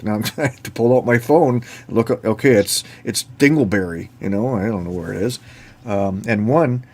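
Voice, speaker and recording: A man's voice: on the low side, moderate pace. A man from Ontario hosting a casual chat, telling rambling stories and acting out the dialogue. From Ontario, Canada. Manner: rambling anecdotes with laughs and acted-out dialogue. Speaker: host.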